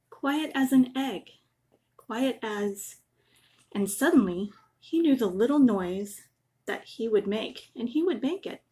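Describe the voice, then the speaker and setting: A woman gently reading a children's bedtime story aloud, adding little asides. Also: fairly high pitch.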